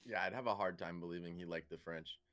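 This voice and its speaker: Chill young dude on a comedy podcast, lowish voice, crude jokey banter. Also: male voice, fast, a bit bright. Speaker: podcast co-host. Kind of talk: casual comedy podcast chat.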